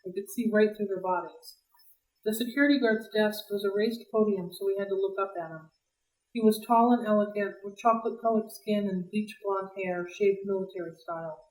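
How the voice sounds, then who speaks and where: A woman reading a novel aloud for a library read-along, in a lively, expressive way. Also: medium pitch, fairly quick. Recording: roomy, distant mic.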